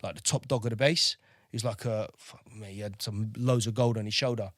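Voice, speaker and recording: A man's voice: fairly low pitch, fairly even intonation, brisk, no echo, studio quality. A man telling his service story candidly, swearing freely and often asking "do you know what I mean". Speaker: podcast guest, navy veteran.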